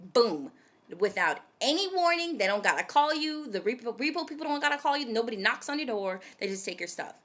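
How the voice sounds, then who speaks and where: Speaking briskly in a slightly high voice, a twenty-something woman vlogs a personal story. She's animated and dramatic, chatting straight to her viewers.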